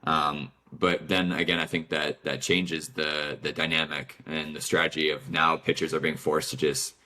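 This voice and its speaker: A man's voice: very deep voice, flat delivery, moderate pace, sharp tone. A man hosting a podcast, asking questions in a tentative way as he thinks aloud. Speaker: podcast host. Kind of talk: casual conversation.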